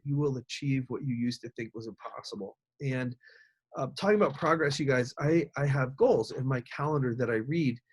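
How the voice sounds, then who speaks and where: Speaking directly to his viewers, a man with a medium-pitched voice hosts a live online webinar as a speaking coach, keeping his delivery energetic and upbeat.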